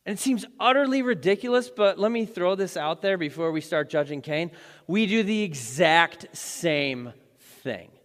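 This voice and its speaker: Bright-voiced male pastor, echoing hall. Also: sits high, animated, normal speed. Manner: conversational and joking, dramatic emphasis. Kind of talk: sermon.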